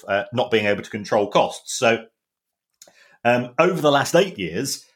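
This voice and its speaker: A man's voice: mid-range voice, a bit bright. A man co-hosting a podcast, explaining football club finances in a casual, hesitant way with many ums and restarts. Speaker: football finance expert and co-host.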